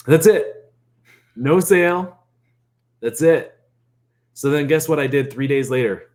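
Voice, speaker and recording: A man coaching on marketing in a casual, animated way, laughing often and acting out quoted chats. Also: mid-range voice, normal speed. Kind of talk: casual explainer.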